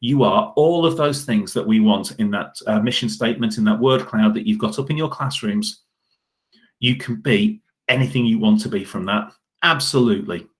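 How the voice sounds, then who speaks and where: A man's voice: on the low side, moderate pace. A man leading a school assembly, speaking directly to children in an encouraging, upbeat way.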